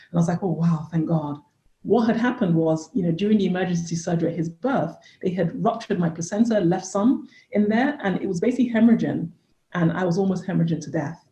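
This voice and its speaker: A woman in her thirties, a podcast guest and coach, telling an earnest personal story in an animated way. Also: on the low side, roomy sound, poor audio. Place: living in England.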